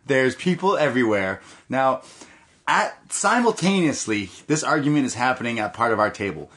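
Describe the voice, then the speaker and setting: As a podcast co-host in casual chat, this man is an animated storyteller who frequently breaks into laughter. He speaks at a medium pitch and a normal speed.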